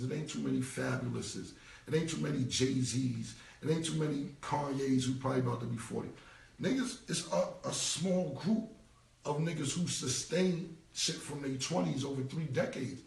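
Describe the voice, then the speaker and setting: A man's voice: fairly high pitch, creaky, a little mellow, echoey room, distant mic. A man, talking bluntly and repetitively in a casual live-stream rant. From United States. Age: 40s. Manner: blunt, repetitive street talk. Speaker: rapper.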